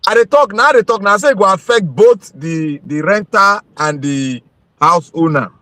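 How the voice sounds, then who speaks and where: A man with a Nigerian Pidgin accent on a discussion panel, insistent and quick to laugh. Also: sits high, lively intonation, sharp tone, dry recording. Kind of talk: heated group discussion.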